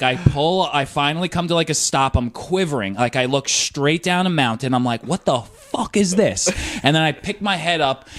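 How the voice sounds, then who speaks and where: A man's voice: on the high side, fairly bright tone. A man co-hosting a podcast, telling a story in casual, profane, rambling chat. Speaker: podcast co-host.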